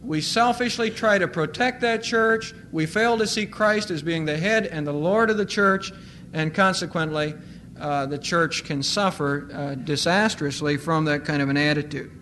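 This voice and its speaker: A man with a high-pitched voice preaches a sermon as pastor, drawing out key words for emphasis. A faint hiss sits under the recording. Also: bright, forceful tone. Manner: emphatic, stressing single words slowly.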